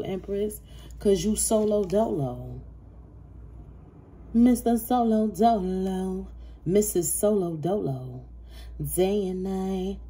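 A woman's voice: fairly low pitch, creaky, mellow. A woman giving a tarot reading, brash, profane and emphatic, laughing often. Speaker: tarot reader.

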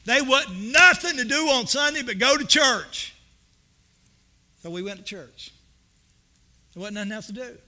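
A man preaching in a church with a high, ringing, forceful voice. He tells homespun stories and swells into emphatic, repeated questions. The delivery moves between soft, conversational asides and bursts of preaching. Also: unhurried, pauses often. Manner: folksy, storytelling preacher with rising emphatic bursts. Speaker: pastor. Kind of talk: sermon. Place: church sanctuary.

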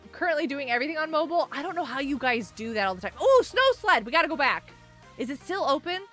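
A woman streaming a game live, chatting and giggling as she greets her viewers. Her voice is high and bouncy, with a wide, animated swing. Faint music plays behind her. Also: fast talker.

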